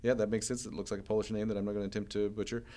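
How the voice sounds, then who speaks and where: A man chatting casually about films as a co-host, talking quickly and joking often. His voice sits low and he laughs easily between points. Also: flat delivery, mellow. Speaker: podcast co-host. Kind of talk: casual chat.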